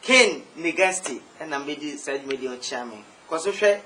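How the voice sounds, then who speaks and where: High-voiced man hosting, distant mic. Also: expressive, normal speed, bright, forceful tone. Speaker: host, interviewer. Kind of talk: interview and show sign-off. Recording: distant mic with faint noise.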